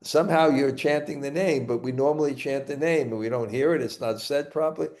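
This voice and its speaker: A man's voice: medium pitch, darkish tone. A man with a Brooklyn accent giving a scripture class, stopping and restarting often. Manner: halting, repeats words and restarts often. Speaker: spiritual teacher.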